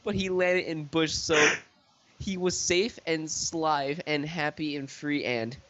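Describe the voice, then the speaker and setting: Slow-reading young man, bright voice. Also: a little high, fairly even intonation, slight background noise. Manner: laughs through reading, stumbles over misspelled words. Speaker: reader of a fanfiction. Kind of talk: comedic dramatic reading.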